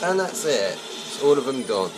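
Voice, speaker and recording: A man's voice: medium pitch, big pitch swings, normal speed. A man giving casual, playful, sweary commentary over a video game. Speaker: let's play commentator. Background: game music.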